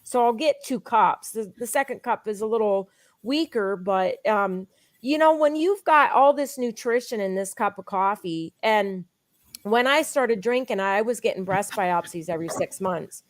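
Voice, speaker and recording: A woman guest giving an eager, insistent sales pitch built on personal stories. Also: no room sound. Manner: eager, insistent, fast storytelling. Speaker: guest, product promoter.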